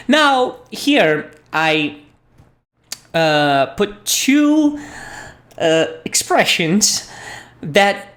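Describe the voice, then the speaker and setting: A woman teaching a language lesson, patiently repeating phrases for learners. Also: low-pitched. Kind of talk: slow spoken language lesson.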